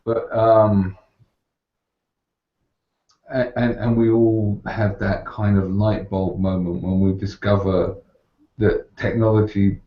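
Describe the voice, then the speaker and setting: A middle-aged man with a low voice hosts a casual interview, asking questions unhurriedly with a flat, level-pitched delivery. His audio arrives over a muffled online call line with a roomy echo.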